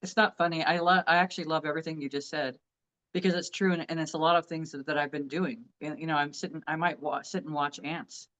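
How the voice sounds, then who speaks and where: A woman's voice: deep voice, fairly even intonation, fast, fairly bright tone, rough recording. A middle-aged woman with grandchildren, co-hosting a casual chat in an earnest, heartfelt way, often restarting her sentences. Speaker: co-host.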